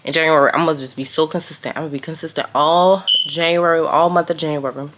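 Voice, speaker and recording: A woman chatting excitedly to camera as a vlogger, gushing and repeating phrases. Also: low voice, fast talker, slight background noise. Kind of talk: casual vlog chat.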